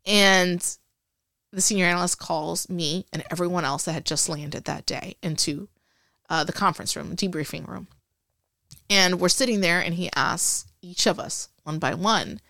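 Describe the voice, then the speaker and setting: A woman's voice: on the low side, a little slow, vocal fry, sharp tone, no echo, studio quality. A woman as an interview guest, chatting casually and acting out quoted dialogue as she tells her story.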